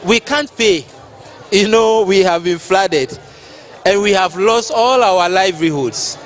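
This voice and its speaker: A high-voiced man speaks in a slow, measured way as he addresses a festival. He is openly moved and piles on thanks again and again, with a crowd faintly heard behind him outdoors. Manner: effusive, repeating thanks. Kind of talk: emotional public speech.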